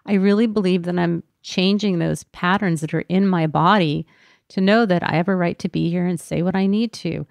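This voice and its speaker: Woman podcast host, low and gravelly, earnest self-reflection, close and dry. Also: steady tone, normal speed, dry recording. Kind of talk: reflective personal talk.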